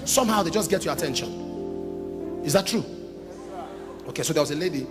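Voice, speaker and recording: A man preaching an animated, humorous storytelling sermon to a church congregation, now and then bursting into shouts. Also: fairly high pitch, normal speed. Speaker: pastor. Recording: reverberant church hall with music. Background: instrumental music.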